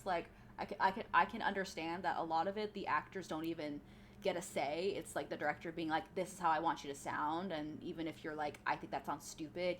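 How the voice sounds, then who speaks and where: A woman's voice: fairly low pitch, fairly bright tone, a little hiss or hum. A woman streamer chatting casually with her viewers while she plays, rambling with many fillers as she answers chat. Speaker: streamer and actor.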